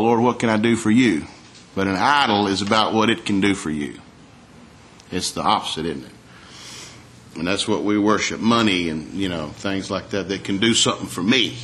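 A man preaching a sermon in a conversational way, asking the congregation rhetorical questions and reading scripture aloud more slowly. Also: fairly low pitch, a bit bright, slight background noise. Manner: reads scripture aloud in a slower, raised voice.

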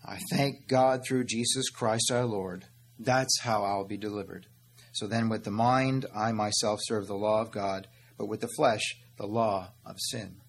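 Husky-voiced man preaching earnestly. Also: on the low side, steady tone, a little slow. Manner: earnest preaching, calls listeners "beloved" and "my friend"; rhetorical questions answered himself. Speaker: pastor. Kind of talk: sermon.

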